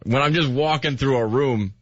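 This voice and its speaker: A man's voice: medium pitch, normal speed, no echo. A male radio host telling a story in casual banter, acting out the lines he quotes. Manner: animated storytelling, acts out quotes. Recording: dry, slightly dull radio studio mic.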